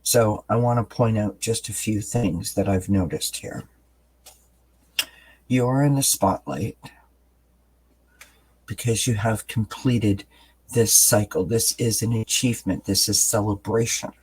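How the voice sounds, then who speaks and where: A man doing a tarot card reading for his channel, explaining each card in a calm, unhurried way with pauses and fillers. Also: on the low side, breathy edge, rough recording. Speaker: tarot reader.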